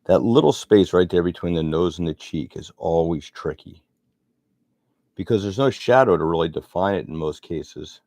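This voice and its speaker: A middle-aged sculptor vlogger chats casually and rambles as he narrates his sculpting work, often poking fun at himself. His voice is low and mellow, moving at a moderate pace in a dry recording.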